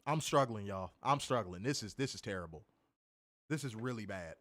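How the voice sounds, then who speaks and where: A man's voice: fairly low pitch, animated, normal speed, fairly bright tone, no echo. Exasperated man ranting a wrestling review. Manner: exasperated, profane, sarcastic, addresses listeners as y'all. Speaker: podcast co-host reviewing wrestling.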